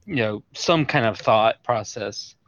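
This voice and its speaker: Gravelly man with dry wry asides. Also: fairly low pitch, a little slow, fairly bright tone, lo-fi sound. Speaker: podcast co-host. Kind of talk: casual sports chat.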